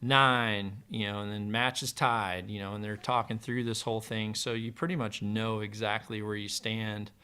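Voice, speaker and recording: A middle-aged man, a former pro archer, telling long relaxed stories with plenty of fillers in a casual podcast conversation. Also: lowish voice, moderate pace, hardly any pauses, smooth. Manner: relaxed, rambling anecdotes with many fillers.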